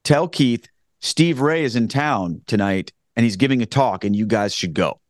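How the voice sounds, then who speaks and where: A man's voice: mid-range voice, expressive, normal speed, dry recording, studio quality. A man, earnestly telling his conversion story as a guest, rambling with frequent restarts. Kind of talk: casual spoken testimony.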